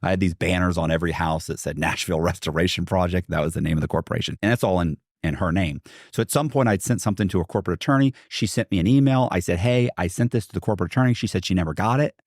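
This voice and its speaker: A man's voice: low-pitched, very fast, hardly any pauses, no room sound, clean studio sound. A middle-aged American man, a podcast guest, telling a long story in a rambling way with many restarts and asides. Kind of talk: casual storytelling.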